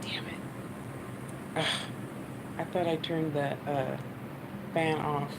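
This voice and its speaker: A woman's voice: deep voice, little pitch movement, takes it slowly, creaky. A woman with an American accent giving casual, blunt spiritual advice to her viewers, swearing freely as she talks. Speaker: spiritual channel host. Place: at home, fan running. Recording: noisy fan and traffic behind.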